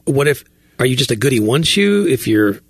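A man's voice: medium pitch, big pitch swings, brisk, breathy edge, no echo. A man co-hosting a podcast in casual chat, laughing often as he tells a funny story. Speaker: podcast co-host.

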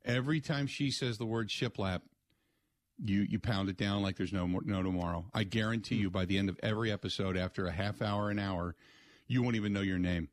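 A man's voice: fairly low pitch, brisk, no room sound, clean studio sound. A man hosting a sports radio show, rambling and joking through casual rants. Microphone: studio mic.

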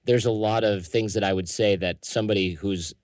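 A man's voice: fairly low pitch, fairly even intonation, fairly quick, a little mellow, no echo, studio quality. An American man, a podcast founder, giving candid, opinionated interview answers and acting out quotes. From United States.

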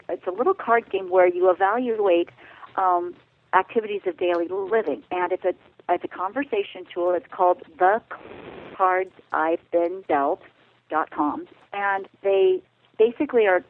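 Woman giving earnest advice over a phone line. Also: mid-range voice. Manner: earnest, direct, explanatory. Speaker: guest bioethicist. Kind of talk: advice in a radio interview. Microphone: telephone.

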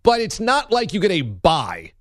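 Emphatic sports radio host, dry sound. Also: male voice, high-pitched, wildly swooping pitch, normal speed, fairly bright tone, no room sound. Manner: emphatic, argumentative, punchy repetition. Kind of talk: opinionated sports commentary.

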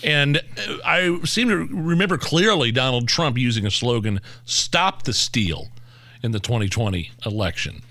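A man co-hosts a political talk show with a forceful, bright voice, pressing his points hard. The sound is close and dry. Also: mid-range voice, moderate pace, hardly any pauses, no room sound. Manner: emphatic, rallying. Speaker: co-host. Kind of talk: political commentary chat.

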